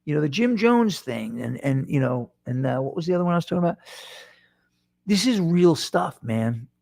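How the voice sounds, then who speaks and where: A man's voice: fairly high pitch, big pitch swings, moderate pace, creaky, darkish tone. A middle-aged man hosting his own podcast, talking to listeners in a rambling, self-deprecating way with lots of restarts. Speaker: podcast host. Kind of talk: casual solo monologue. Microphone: microphone in front of him.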